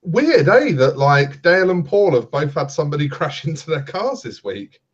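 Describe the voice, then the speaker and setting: A man's voice: a little high, very animated, moderate pace, slightly rough. Jokey British man, dull audio. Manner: jokey, chiming in. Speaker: podcast co-host. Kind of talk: casual chat.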